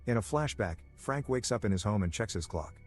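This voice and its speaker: Male narrator, lowish voice, wry delivery for scripted movie recaps over faint background music. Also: lively intonation, a little fast. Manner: dry, wry asides.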